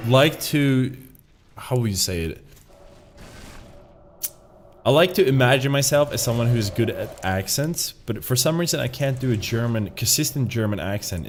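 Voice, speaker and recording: A man's voice: medium pitch, slight background noise. A man streaming a game, chatting casually in a rambling, profane, self-mocking way. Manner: rambling, profane, laughs at himself. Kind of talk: casual live-stream commentary.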